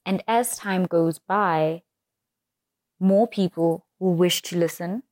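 Young woman doing a reflective solo podcast, lowish mellow voice, careful clear words. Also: dry recording, clean studio sound. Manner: careful, deliberate enunciation. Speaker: podcast host.

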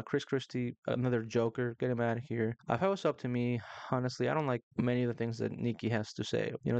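Fast-talking man, profane exasperated rant. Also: fairly high pitch, vocal fry, a little mellow, no echo, lo-fi sound. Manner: profane, slangy, exasperated ranting with frequent restarts. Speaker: political opinion commentator. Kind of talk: casual ranting commentary.

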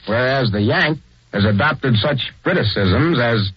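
Wry, husky radio narrator. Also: male voice, medium pitch, lively intonation, a little slow, no echo. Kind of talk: scripted 1940s radio narration. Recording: dull lo-fi 1940s radio.

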